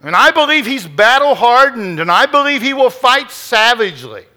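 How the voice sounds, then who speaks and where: A man's voice: very high voice, sing-song, moderate pace, bright, forceful tone. A man preaching a sermon with an emphatic, repetitive cadence, likely in a church or revival meeting.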